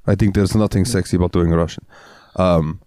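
A man's voice: low voice, steady tone, fairly quick, mellow, no room sound, clean studio sound. A man co-hosting a podcast, chatting casually in a rambling, crude, laughing way. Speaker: podcast co-host. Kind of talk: casual chat.

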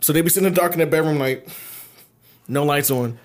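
A man from the Baltimore area, USA, talks fast in a fairly high voice. He co-hosts a podcast full of loose, profane casual chat and laughs often.

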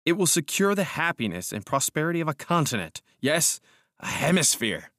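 A feverish, grandiose young gentleman , as a reader puts him on in an audiobook, his voice climbing high and loud as he boasts. The sound is dry and close. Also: animated, measured pace, no room sound. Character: proud first-person narrator, feverish, grandiose, secretive man.

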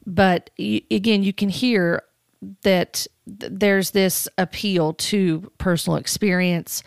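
A woman in a dry, close recording commenting on church teaching. Her voice has a gravelly edge, and she speaks in a measured, cautioning way, with a few fillers. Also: lowish voice, dry recording. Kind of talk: spoken commentary.

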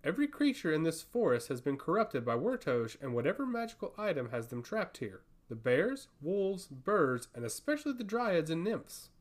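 Male reader doing a menacing fantasy priestess: calm, cold, commanding. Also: fairly high pitch. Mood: stern. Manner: cold, measured, sternly threatening. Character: haughty woman, a forest priestess, calm and menacing. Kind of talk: audiobook fantasy reading.

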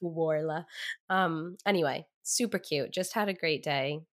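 A woman's voice: sits low, moderate pace. A woman hosting a podcast, chatting casually with a playful, teasing manner. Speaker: podcast host.

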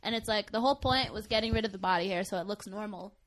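A woman's voice: mid-range voice, fast. A young woman, chatting candidly as a podcast co-host, full of fillers and playful asides. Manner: candid, chatty, animated storytelling with many fillers. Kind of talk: casual chat.

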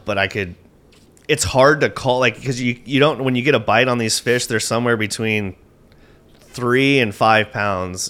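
A man with a fairly low-pitched voice tells a tournament fishing story as a guest on a podcast. He's animated and excitable, with lots of "like" and some casual swearing.

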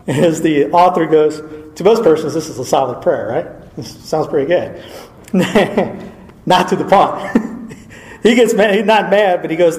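A man's voice: on the high side, moderate pace, a little mellow. Echoey man reading a saint's story. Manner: informal asides, chuckling, frequent fillers. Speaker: Catholic speaker reading from a saint's life. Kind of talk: reading aloud with casual commentary. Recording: echoey room.

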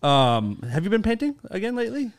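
Male podcast host, crude teasing banter, very animated pitch. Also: a little fast. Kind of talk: casual chat.

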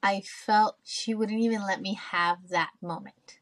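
Unhurried and steady, a woman with a mid-range voice hosts a podcast and recounts something that happened to her. She's candid and swears a lot in the casual chat, voicing her earlier comments in quoted asides.

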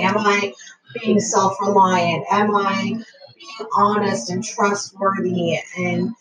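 A woman's voice: mid-range voice, flat delivery, takes it slowly, a bit bright. A woman co-hosting a casual talk, earnestly telling about her faith and a customer at work. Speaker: podcast co-host. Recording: echoey and distant with crowd noise.

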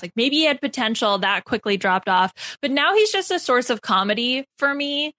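A woman with a bright, crisp-edged voice, recorded dry and close. She gives quick, opinionated takes while recapping a reality show in casual chat. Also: on the high side, animated, no echo.

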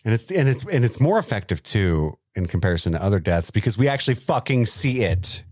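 A man co-hosting a movie podcast, quick with jokes and quips. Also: on the low side, sing-song, a little mellow, dry recording, clean studio sound. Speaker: podcast co-host. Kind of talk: casual movie review chat.

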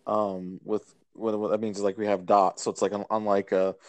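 Low-voiced man, rambling record chat. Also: level tone, brisk, darkish tone, no echo. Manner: rambling, many fillers and restarts. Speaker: podcast co-host. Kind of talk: casual chat about records.

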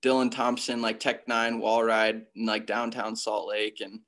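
A young pro freeskier from Connecticut, USA, takes his time telling career stories as a casual interview guest. His voice is lowish and a bit bright, with little pitch movement. Filler words and relaxed slang run through everything, especially a constant "like."

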